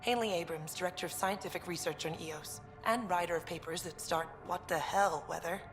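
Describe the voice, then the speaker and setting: A woman's voice: fairly low pitch, fairly quick, lightly acted. An actress voicing a wry, matter-of-fact female research director in a video game. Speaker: game character. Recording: game audio with reverb and loud music.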